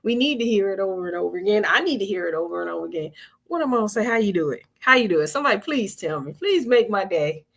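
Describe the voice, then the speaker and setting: A woman with a gravelly, fry-edged voice leads a spiritual vigil in a loose, conversational way. She circles back to the same phrases and keeps urging her listeners to join in. Her speech stays colloquial and earnest. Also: medium pitch, lively intonation, quick pace. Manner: conversational and coaxing, repeats phrases, calls on listeners. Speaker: spiritual host leading a weekly vigil. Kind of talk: informal spiritual teaching on a live stream.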